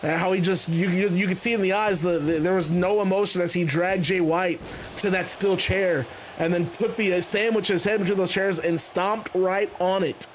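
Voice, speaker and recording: A man with a high voice calls wrestling action in a loose, rambling way, restarting his sentences as he goes. A faint hum of ambience sits under his voice. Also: fairly even intonation, normal speed. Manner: rambling, stop-start phrasing. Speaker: host. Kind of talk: casual wrestling play-by-play narration.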